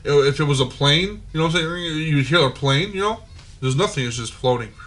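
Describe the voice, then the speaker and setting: A man's voice: a little high, brisk. A man telling a long story on a podcast, swearing freely, with lots of "like" and "right?". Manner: profane, animated storytelling with many fillers. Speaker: podcast host. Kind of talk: casual storytelling.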